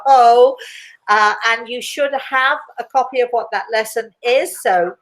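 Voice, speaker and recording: A woman's voice: fairly high pitch, poor audio. An older woman hosting a live stream as a medium, chatting loosely and laughing often. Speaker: host and medium. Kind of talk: casual live-stream chat.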